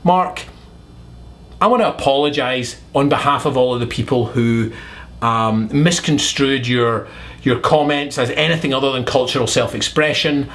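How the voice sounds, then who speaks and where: A man voicing an earnest, forgiving undead male pop star in a gentle, overly sincere way. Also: mid-range voice, moderate pace, close to an everyday voice.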